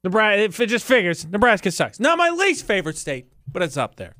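A man's voice: sits high, wildly swooping pitch, a little fast, sharp tone, no room sound, studio quality. A man co-hosting a radio show, chatting casually and teasing his co-host. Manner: joking, teasing.

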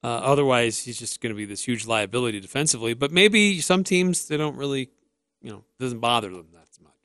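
A man co-hosting a sports radio show, making his points in a measured, thinking-aloud way. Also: medium pitch, lively intonation, a bit bright, no room sound, studio quality. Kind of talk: casual sports talk.

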